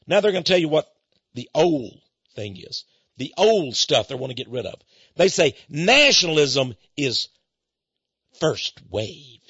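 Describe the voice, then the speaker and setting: A man with a high, bright voice delivers a talk radio monologue, his pitch swinging widely as he reads passages aloud and breaks in with mock alarm. The sound is dry and a little dull. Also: breathy edge, no echo. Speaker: radio host. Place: studio office.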